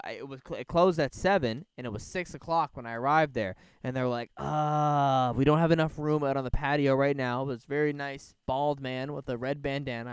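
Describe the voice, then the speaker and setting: A man's voice: medium pitch, clear, resonant tone, no room sound. A young man hosting a podcast, telling a rambling, profane story in casual chat outdoors. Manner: rambling, profane, animated retelling. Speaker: podcast host. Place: outdoors by a bonfire. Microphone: podcast microphone.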